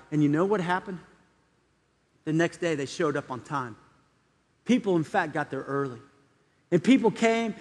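A man's voice: sits high, in a large hall. A man preaching a sermon, telling a story and acting out the voices in it before urging his listeners on. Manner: storytelling, acting out quoted voices, building to urgent appeals. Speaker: pastor.

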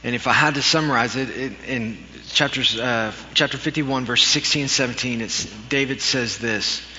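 A man's voice: mid-range voice, moderate pace, sharp tone, a little hiss or hum. A man preaching a sermon, telling a story from his childhood in an earnest way with some self-deprecating humor. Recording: dull recording with long hall reverb.

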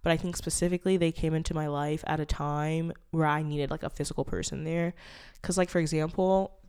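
A woman's voice: sits low, fairly even intonation, fairly quick, darkish tone, smooth. A young woman in her twenties hosting a casual solo podcast, talking candidly and rambling with lots of fillers and swearing. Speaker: podcast host.

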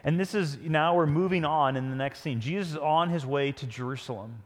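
A male pastor delivers a sermon in a slightly high voice. He tells the story with animation and often falls to a hush. A long reverb fills the church hall around him. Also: brisk.

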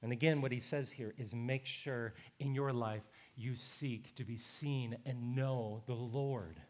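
A man's voice: mid-range voice, steady tone, a little slow, a little mellow. A middle-aged male pastor preaching a sermon, conversational and emphatic, with repeated phrases for stress.

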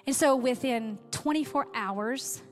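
Woman, pastor's wife, raised voice, preaching a testimony over soft music. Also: high voice, unhurried. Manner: heartfelt storytelling, voice catching with emotion. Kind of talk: sermon testimony.

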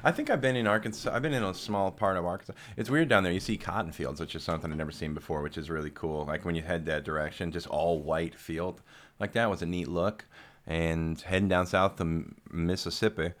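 A man's voice: low voice, brisk. A man hosting a casual chat, telling rambling stories and laughing often. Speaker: host.

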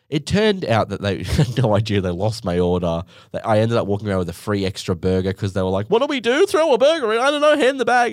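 A young Australian man telling a story on his podcast, sarcastic and animated, acting out other people in high mocking voices. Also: no echo, clean studio sound. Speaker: podcast host. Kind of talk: casual storytelling monologue.

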